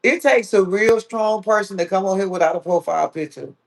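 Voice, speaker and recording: High-voiced man chatting with his stream. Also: fairly quick, vocal fry. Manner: playful, teasing, reads viewer comments aloud. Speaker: livestream host. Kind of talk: casual live-stream chat.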